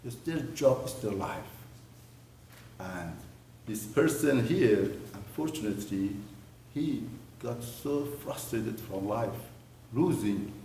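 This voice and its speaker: Rabbi giving a torah class, lively up and down voice, sounds far from the mic in an echoey room. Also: male voice, on the low side, takes it slowly, pauses often, slight background noise. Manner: animated storyteller, voice rising and dropping to near murmur. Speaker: rabbi teaching a mussar lesson. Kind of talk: spoken Torah lesson with storytelling. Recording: roomy, distant mic with faint ambience.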